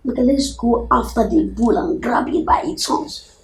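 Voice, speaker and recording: A man's voice: very high-pitched, normal speed, gravelly, darkish tone. An actor playing a brash young prince who argues with his father and schemes with his brother. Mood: bossy. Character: young adult royal son, brash and scheming. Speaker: prince, king's son. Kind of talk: film acting.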